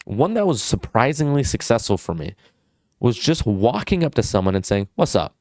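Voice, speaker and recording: A man's voice: mid-range voice, big pitch swings, normal speed, a little mellow, no echo, studio quality. A young man vlogging casual social advice, goofy and full of swearing and fillers. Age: young adult.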